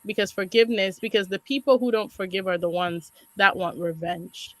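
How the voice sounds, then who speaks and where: A woman's voice: medium pitch, moderate pace, no room sound, poor audio. Emphatic woman guest giving advice. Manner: emphatic, repeats key advice like a coach. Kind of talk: casual chat.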